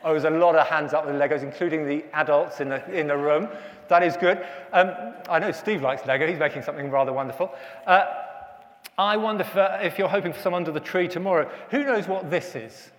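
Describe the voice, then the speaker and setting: Chatty male pastor quizzing children; high voice, reverberant church. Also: fairly quick. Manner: chatty, asks children questions, many restarts. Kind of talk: family service talk.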